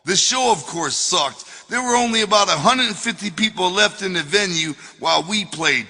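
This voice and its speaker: A man's voice: high-pitched, animated, normal speed, sharp tone, big-room sound. A man reading his own memoir aloud as an audiobook, telling it in a profane, wisecracking way.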